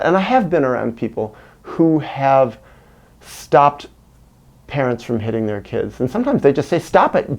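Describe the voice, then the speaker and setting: A man's voice: medium pitch, vocal fry, darkish tone. A man talking candidly to camera in a reflective personal monologue, earnest and often searching for words. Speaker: vlogger.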